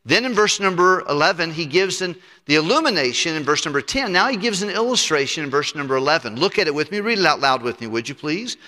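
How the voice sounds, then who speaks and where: Bright-voiced middle-aged pastor preaching. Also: male voice, on the high side, animated, fast, hardly any pauses. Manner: earnest, repeats words. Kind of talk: expository sermon. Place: church sanctuary. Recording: long church hall reverb.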